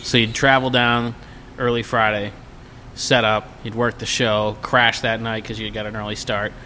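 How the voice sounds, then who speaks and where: Animated man telling bar stories. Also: on the low side, normal speed, slight background noise. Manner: animated, acts out quotes in a raised voice. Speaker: podcast guest. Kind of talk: casual storytelling.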